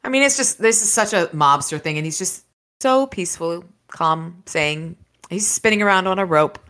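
A woman hosting a casual podcast, recapping a novel with eager, profane enthusiasm. Her voice sits low and comes across forceful and sharp. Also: moderate pace. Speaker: podcast host. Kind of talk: casual book discussion and reading aloud.

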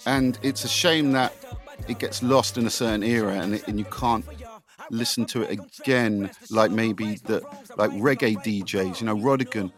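A middle-aged man, a DJ guest telling animated anecdotes in casual chat and acting out the people in them. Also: lowish voice, moderate pace, faint music behind. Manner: animated, swearing, acts out voices in anecdotes.

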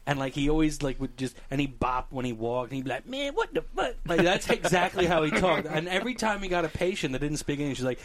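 A man's voice: a little high, quick pace, hardly any pauses. A man co-hosting a podcast in casual chat, telling stories animatedly and acting out voices. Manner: animated storyteller, acts out voices and laughs. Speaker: podcast co-host.

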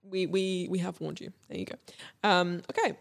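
Young woman podcast host, low-pitched and gravelly, hesitant and rambling. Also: fairly even intonation, moderate pace. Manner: hesitant, many ums and restarts. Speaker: podcast co-host presenting history. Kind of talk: casual history podcast chat.

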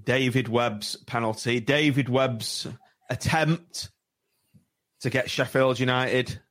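A man's voice: mid-range voice, steady tone, slow, a bit bright. A man hosting a casual football podcast, steering the chat and bluntly disagreeing. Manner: steers the talk, blunt and contrary. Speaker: podcast host.

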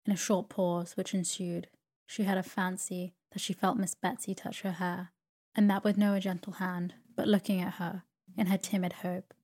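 A woman narrating a classic novel as a sleep story in a calm, even manner. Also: on the low side.

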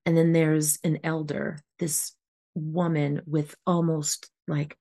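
A woman's voice: deep voice, little pitch movement, slow, gravelly, mellow. A woman co-hosting a casual spiritual podcast chat, talking in an earnest, rambling way with lots of fillers. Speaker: podcast co-host.

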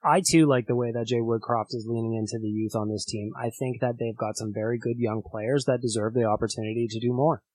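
Male podcast host, casual and amused, husky voice, dry close mic. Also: mid-range voice, fairly even intonation, fairly quick, hardly any pauses, darkish tone, no echo.

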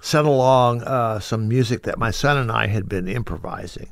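A man's voice: mid-range voice, normal speed, creaky, no room sound. An older man as interview guest, answering in an easygoing way with dry humor. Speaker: guest, film director and composer. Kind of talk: relaxed interview conversation.

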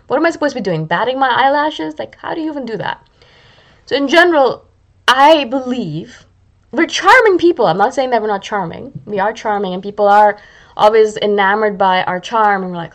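A woman's voice: a little high, lively intonation, normal speed. A woman hosting a podcast in a chatty, self-mocking monologue, acting out her own thoughts as she talks. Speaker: podcast host. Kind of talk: casual monologue.

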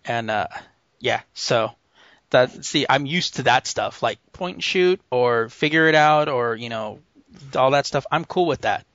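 Easygoing rambling podcast host. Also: male voice, medium pitch, unhurried, a bit bright, no echo. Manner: rambling, easygoing, laughs often. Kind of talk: casual chat. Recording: dull lo-fi podcast audio.

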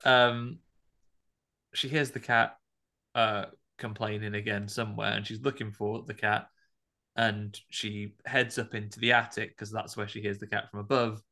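A man's voice: fairly low pitch, flat delivery, moderate pace, bright, forceful tone. A man co-hosting a podcast, recapping a film in a laid-back, casually sweary way. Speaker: podcast co-host.

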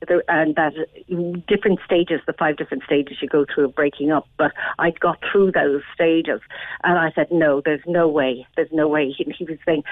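An Irish woman in her fifties earnestly telling a personal story over the phone, halting and restarting often. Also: fairly low pitch, dry recording. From Ireland. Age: 50s. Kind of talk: emotional personal account. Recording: tinny phone line.

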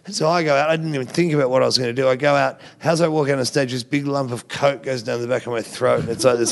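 A man's voice: medium pitch, steady tone, rapid-fire, gravelly, hardly any pauses. An Australian man, a guest comedian, telling rambling, profane stories in casual podcast talk and laughing through them.

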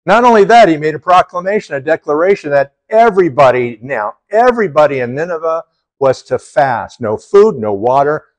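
A man teaching a Bible passage as a sermon, retelling the story with animated storytelling and acting out the quotes. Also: fairly high pitch, moderate pace, low-quality recording. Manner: animated storytelling, voicing the prophet and God in quotes.

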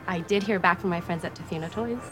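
A woman's voice: lowish voice, quick pace, soft background music, natural voice. An actress playing a young woman in a film who earnestly pushes her friend toward a bigger career. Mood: insistent. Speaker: film character. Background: film score.

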